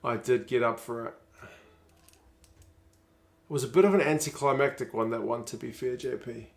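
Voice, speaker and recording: A man's voice: mid-range voice, normal speed, gravelly. A man, chatting casually on a live stream while watching rugby and reading out viewer comments.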